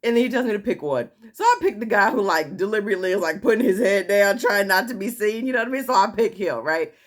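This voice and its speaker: Lively woman telling a story. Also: medium pitch, fast talker. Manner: animated, laughing, acting out quotes. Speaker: vlogger. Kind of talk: casual storytelling.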